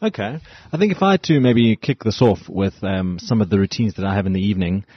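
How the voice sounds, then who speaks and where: Male co-host, lively and playful, low husky voice, muffled dry recording. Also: fast talker, no room sound. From South Africa. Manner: upbeat, playful, enthusiastic. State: slightly out of breath. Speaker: podcast co-host. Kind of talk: casual podcast chat. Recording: dull close-miked sound.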